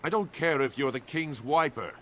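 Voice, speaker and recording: Stern dwarf guard, firm official tone, level mid pitch, as a man acts it out, game voice. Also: normal speed, fairly bright tone, a little hiss or hum, natural voice.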